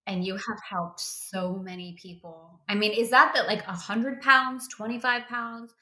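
Woman, podcast host, effusive, gushing praise, bright tone, echoey room. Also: mid-range voice, fairly even intonation. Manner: effusive, emotional, quick bursts of praise. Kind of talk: warm interview chat.

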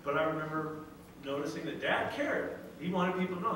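A man's voice: a little high, animated, fairly quick, fairly bright tone, a little hiss or hum. A middle-aged male pastor preaching a sermon earnestly, often restarting phrases and acting out a father's words. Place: church sanctuary. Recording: echoey church sanctuary from far off.

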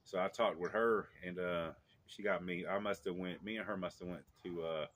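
A man's voice: low-pitched, fairly even intonation, normal speed, fairly bright tone, slight background noise. A middle-aged man casually telling a personal story outdoors in a yard, rambling with many fillers and restarts.

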